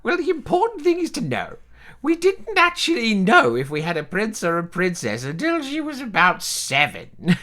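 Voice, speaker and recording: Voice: mid-range voice, wildly swooping pitch, normal speed, bright, forceful tone, pitched above the performer's own voice. A player voicing a long-winded, doting elderly great-aunt who tells meandering family stories. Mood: rambling fond. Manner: rambling, meandering storytelling.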